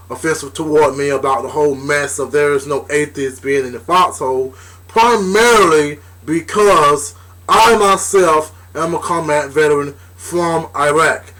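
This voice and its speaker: Young male vlogger, slightly high voice, blunt and indignant, swears often. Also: fairly bright tone. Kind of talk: casual vlog rant.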